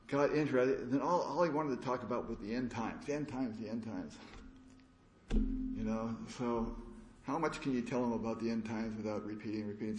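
A man giving a conference sermon, telling stories in a halting, earnest way with many restarts. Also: mid-range voice. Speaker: preacher. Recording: echoey room.

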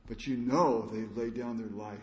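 A man giving a conference sermon, telling stories in a halting, earnest way with many restarts. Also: mid-range voice, steady tone, a little mellow, highs cut off. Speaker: preacher. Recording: echoey room.

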